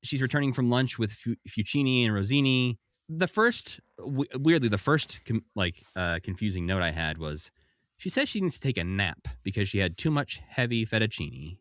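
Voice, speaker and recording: Deep-voiced man in casual podcast chat. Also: animated, moderate pace, fairly bright tone, dry recording, clean studio sound. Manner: enthusiastic, rambling with restarts and asides. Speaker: podcast co-host.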